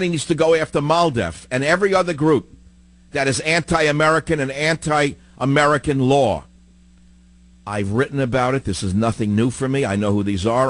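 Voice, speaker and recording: A combative male talk radio host in the middle of a political monologue, with a mid-range voice. He hammers home his points with rhetorical questions and repetition. His delivery swings from loud, emphatic bursts to low, muttered asides.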